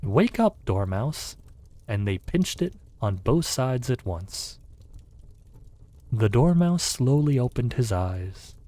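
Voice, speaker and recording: A man narrating a storybook in a calm, soft, ASMR-style reading. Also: mid-range voice, dry recording. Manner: calm, unhurried.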